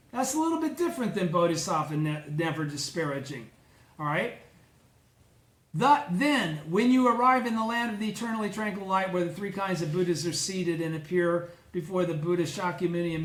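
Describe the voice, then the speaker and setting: A man leading a study group, reading scripture aloud and explaining it with slow, emphatic asides. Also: high voice, a bit bright, roomy sound.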